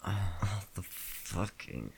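A man in a whispered role-play, talking slowly and intimately to the listener in a breathy whisper broken by moans. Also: low-pitched, sing-song, background noise. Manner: slow, intimate, second-person address. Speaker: erotic audio performer.

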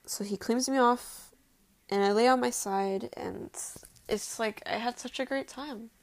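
Breathy young woman telling a racy story. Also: a little high, unhurried, no echo.

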